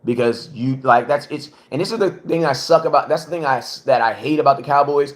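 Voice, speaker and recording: A man hosting a casual live-stream sports talk from his home kitchen, slangy and chatty, repeating himself and slowing his words right down for emphasis. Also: medium pitch. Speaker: livestream host. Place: home, cooking. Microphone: phone for live stream.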